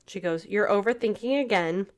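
A woman's voice: medium pitch, normal speed. A woman co-hosting a casual talk podcast, speaking earnestly and reading text messages aloud in a plain voice. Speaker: podcast co-host.

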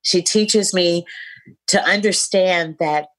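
A woman's voice: fairly low pitch, slow pace, a bit bright. A middle-aged woman hosting a podcast, talking in an effusive, reflective way. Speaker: podcast host. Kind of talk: casual podcast chat.

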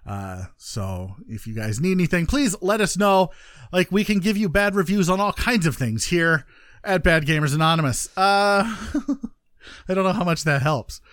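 A man's voice: high-pitched, animated, moderate pace, a bit bright, no room sound, studio quality. A man hosting a casual gaming podcast, joking and rambling with lots of fillers. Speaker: podcast host.

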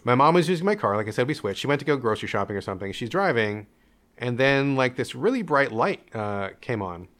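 A young man telling a candid personal story in an interview, animated, acting out his parents' voices and laughing often. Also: mid-range voice, quick pace. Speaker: interview guest.

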